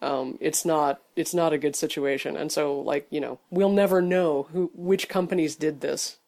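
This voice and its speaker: A man's voice: on the high side, fairly even intonation, normal speed, darkish tone. A man co-hosting a casual podcast, talking in a rambling way with many fillers and restarts. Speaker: podcast co-host.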